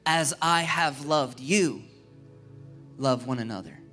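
Animated male pastor preaching. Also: fairly high pitch, takes it slowly, faint music behind. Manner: animated preaching with humor and repeated rhetorical questions. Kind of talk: sermon.

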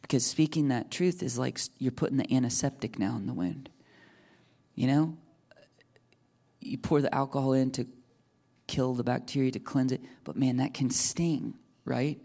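A man preaching an earnest, tender sermon, often dropping to hushed near-whispers. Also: mid-range voice, normal speed. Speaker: pastor.

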